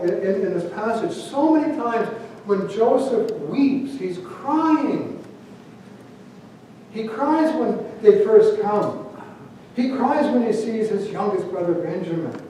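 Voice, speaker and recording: Male pastor, conversational sermon, mellow voice, recorded from a distance. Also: high-pitched, slight background noise. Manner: conversational, acts out quoted voices. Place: church sanctuary. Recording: very echoey church hall, mic at a distance.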